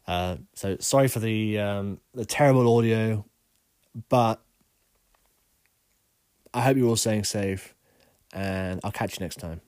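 Man, congested, monotonous, rambling, lowish pitch, dry close sound. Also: slow pace, pauses often, clean tone, no echo. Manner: rambling, frequent ums and uhs. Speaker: podcast host. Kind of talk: casual solo podcast monologue.

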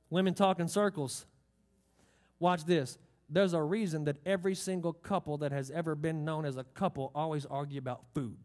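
Emphatic high-voiced preacher. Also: male voice, darkish tone. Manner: emphatic, drawls key phrases, asks the congregation questions. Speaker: pastor. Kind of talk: sermon.

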